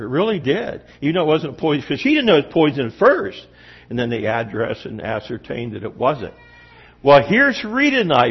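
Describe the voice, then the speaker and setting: A man's voice: a little high, husky. A middle-aged man preaching a sermon to a room, telling stories with animation and quizzing the audience. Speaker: pastor. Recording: dull lo-fi recording.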